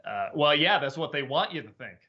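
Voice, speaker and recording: A man's voice: on the high side, sing-song, fairly quick, dull audio. A man hosting a casual livestream chat who reacts to viewer questions, laughs often and stammers on restarts. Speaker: show host answering chat questions.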